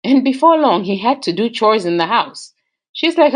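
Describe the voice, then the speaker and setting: A woman with an Australian accent telling a personal relationship story in a casual, animated way, jumping in pitch for emphasis. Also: moderate pace.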